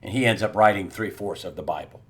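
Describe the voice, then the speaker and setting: A middle-aged man hosting an election commentary monologue, emphatic and repetitive, with many "uh" fillers and swings from loud outbursts to near-quiet asides. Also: on the low side, fast, a little hiss or hum. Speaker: host.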